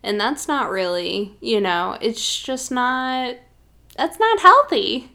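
A woman's voice: on the high side, lively intonation, takes it slowly, creaky, pushed and bright. A woman co-hosting a casual spiritual chat, reflective and filler-heavy, laughing readily. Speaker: podcast co-host.

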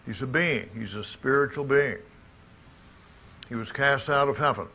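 Speaking at medium pitch and ordinary speed, a middle-aged pastor from Mississippi delivers a sermon with a Southern accent, bright and pushed, while a faint hiss or hum sits underneath. He's emphatic and folksy in church, throwing in remarks to the congregation.

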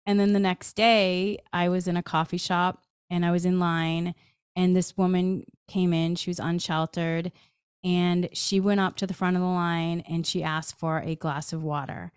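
Woman host with a low-ish, smooth voice who tells stories with lively, acted-out dialogue. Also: normal speed, no room sound, clean studio sound. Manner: animated, acts out her own dialogue. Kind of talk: personal storytelling.

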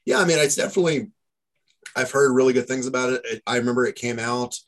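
A man's voice: medium pitch, quick pace. A man in a casual movie chat who talks in a chatty, hedging way and keeps filling in with "I mean" and "you know".

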